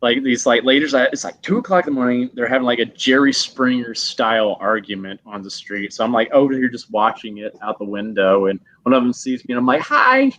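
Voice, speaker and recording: A middle-aged man, a guest actor, telling stories casually in an animated way, acting out voices and laughing often. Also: medium pitch, fairly quick, hardly any pauses.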